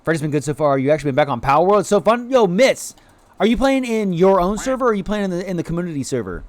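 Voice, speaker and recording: Male game streamer, upbeat and playful, fairly high voice that swings all over. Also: very fast, no room sound. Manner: excitable, yells greetings to chatters; playful, quacks like a duck. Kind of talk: casual live-stream chat over gameplay.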